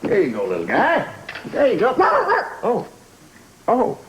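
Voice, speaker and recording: A man's voice: on the low side, wildly swooping pitch, brisk, gravelly, slight background noise, exaggerated voice, poor audio. An actor playing a playful man in a 1980s soap opera, teasing and cooing to a pet. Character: playful man, surprise puppy gift.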